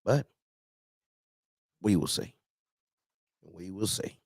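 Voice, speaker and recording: A man with a gravelly, rough-edged voice hosts a casual call-in show for truckers. He talks emphatically and folksily, often repeating his points. The sound is close and dry, with no room around it. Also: low-pitched, extremely slow, darkish tone, dry recording. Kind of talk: casual live-stream talk.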